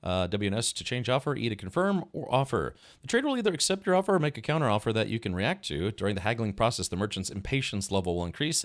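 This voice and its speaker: Chatty low-voiced man streaming a game. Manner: chatty, musing aloud with fillers. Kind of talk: casual gameplay commentary. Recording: faint game music behind.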